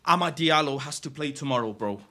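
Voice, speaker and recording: A young man hosting a casual livestream chat, excitable and repeating himself, often ending phrases with "bro". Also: mid-range voice, fairly quick. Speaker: livestream host.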